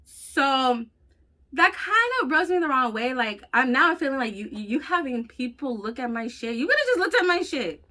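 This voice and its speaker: A woman vlogger telling a personal story in a blunt, profane, animated way. She has children. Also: high voice, normal speed. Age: adult with children. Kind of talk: casual storytelling vlog.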